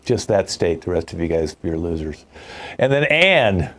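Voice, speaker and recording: Older man, very deep voice, improv host, dry joking asides, online video call. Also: very animated, unhurried, a bit bright. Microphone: video call mic.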